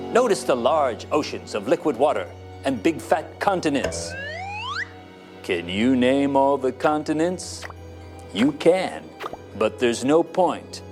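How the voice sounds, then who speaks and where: Deadpan mock news anchor, man. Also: a little high. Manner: deadpan mock-serious delivery. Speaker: comedy news anchor and narrator. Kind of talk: mock newscast and documentary narration.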